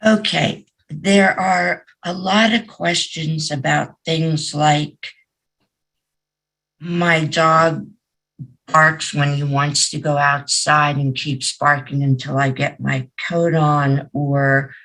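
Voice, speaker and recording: An interviewer in a casual chat, posing questions in a relaxed, plainspoken way. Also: medium pitch, slow, poor audio.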